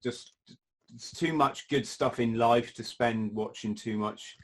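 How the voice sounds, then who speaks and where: A man's voice: medium pitch, fairly even intonation, slow pace. Chatty male podcast host. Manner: chatty, wanders into asides, casual swearing. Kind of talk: casual interview chat.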